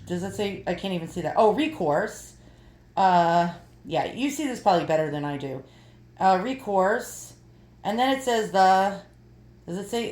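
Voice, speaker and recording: A woman's voice: medium pitch, echoey room. A woman in her fifties chatting casually as she shows items from an online haul, thinking aloud while she peers at small print. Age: 50s. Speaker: vlogger showing an online haul.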